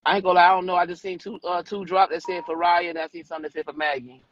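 A woman's voice: lowish voice, level tone, racing, lo-fi sound. A woman from Detroit chatting on a phone live stream while driving, brash and profane, teasing the others. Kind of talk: casual chat while driving. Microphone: phone in car.

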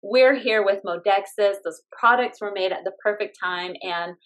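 A woman in her thirties, a guest telling her family story in a lively way, laughing often and acting out what others said. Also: mid-range voice, normal speed. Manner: animated, laughing often, acts out quotes. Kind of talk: casual storytelling interview.

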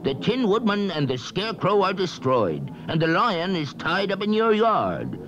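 A man's voice: high-pitched, huge pitch swings, normal speed, voice pushed up. A man voicing the grave, dutiful leader of the winged monkeys on a vintage storybook record, with solemn, formal speech. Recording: dull lo-fi vintage record with hiss.

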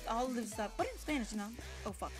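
Young woman, casual vlog storytelling, rambling, swears often, high voice, light music behind. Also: very animated, quick pace. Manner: rambling, swears a lot, many fillers. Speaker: storytime vlogger.

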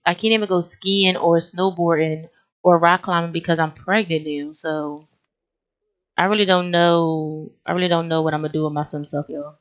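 A young woman hosting a life-sim let's play, talking casually and excitedly straight to her viewers, often breaking into exclamations. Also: lowish voice, moderate pace, dull audio. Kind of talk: casual gameplay commentary.

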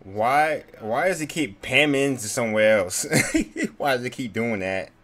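A young man talking over his gameplay in an easy, mid-pitched voice, full of slang and quick reactions. He sounds like a streamer sitting at his computer mic. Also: a bit bright. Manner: laughing, rowdy slang. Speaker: gaming streamer. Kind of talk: casual gameplay commentary.

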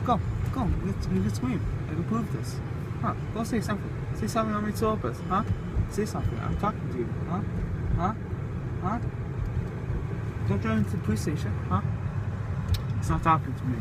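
A man's voice: high-pitched, animated, moderate pace, long pauses, very noisy. A man ranting angrily into his phone camera for a vlog, taunting and swearing. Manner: angry, taunting, profane. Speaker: vlogger.

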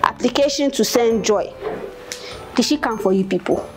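A woman's voice: a little high, normal speed, faint music behind, lightly acted. A woman with a Ghanaian accent playing a bossy, gossipy office worker who rants and repeats herself in indignation. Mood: indignant. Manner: indignant, repetitive ranting. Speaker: office colleague. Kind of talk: comic web-series acting.

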